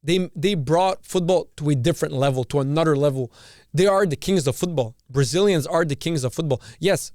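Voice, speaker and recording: A man's voice: on the high side, brisk, a little mellow, no room sound, clean studio sound. A man from Canada hosting a podcast, ranting in a casual monologue, swearing often and restarting phrases. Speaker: podcast host.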